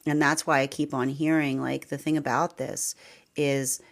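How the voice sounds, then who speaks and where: A woman reads tarot cards and chats about the energy in a casual spiritual talk, repeating herself, laughing often, and peppering her speech with "like" and "right?". Her voice is a gravelly bass with flat delivery at a normal speed.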